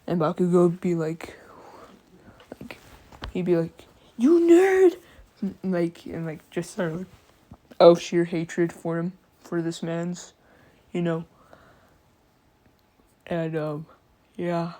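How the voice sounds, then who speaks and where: A woman's voice: lowish voice, completely flat delivery, slow, long pauses, dark tone. A sleepy woman telling a fan story in a casual, slangy, drawling way with many fillers.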